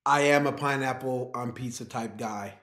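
A man's voice: mid-range voice, normal speed, a bit bright. A man, a guest on a podcast, talking easygoing and laughing often as he tells stories. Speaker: guest, technology executive. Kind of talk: conversational podcast interview. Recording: roomy echo.

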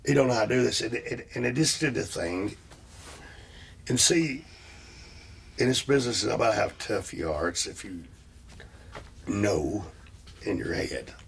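Gravelly-voiced man telling stories. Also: fairly low pitch, measured pace, long pauses, slight background noise. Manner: profane, rambling storyteller. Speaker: interview guest, former tag team wrestler. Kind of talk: casual storytelling interview.

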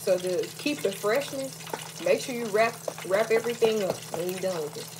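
A woman vlogger cooks in her home kitchen late at night, chatting casually to viewers in a mid-range voice at moderate pace. She films on her phone, whose audio is swamped by loud frying, with sizzling oil and a running tap behind her.

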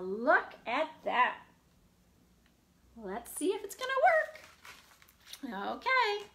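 Bright, animated woman reading to kids. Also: sits high. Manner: animated and expressive, with gasps and sound effects. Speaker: children's librarian. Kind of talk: children's storytime read-aloud. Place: at home.

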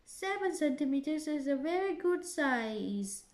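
A woman voicing a stern caterpillar who is quick to anger, speaking in curt, questioning lines for a storybook reading. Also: high-pitched, very animated, darkish tone, roomy sound, pitched above the performer's own voice.

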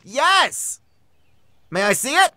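Bill Cipher, shrill manic demon. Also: male voice, sing-song, slow pace, pushed and bright, dry recording, heavily acted. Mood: mocking. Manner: gleeful, mocking, over-the-top. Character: manic triangle dream demon possessing people. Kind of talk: fan comedy dub.

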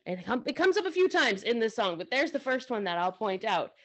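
A woman's voice: on the high side, big pitch swings, fairly quick. A woman co-host teaching music at the piano, talking conversationally and often checking in with her listeners.

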